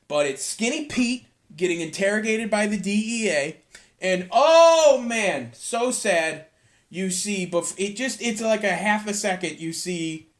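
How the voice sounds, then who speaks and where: A young man hosting his own podcast alone, rambling loosely and swearing freely in a casual rant. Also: sits high. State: tired from cleaning. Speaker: podcast host.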